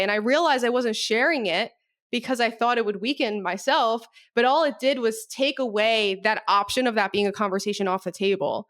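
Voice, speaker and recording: A woman's voice: a little high, fairly quick, fairly bright tone. A woman business coach, a guest on a podcast, speaking casually with many fillers and the occasional swear word. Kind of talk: casual conversational interview.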